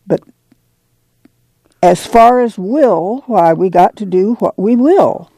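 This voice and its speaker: A woman reading aloud as a firm, strong-willed middle-aged farm mother with a slow rural drawl. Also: mid-range voice, expressive, dark tone, breathy edge, no room sound.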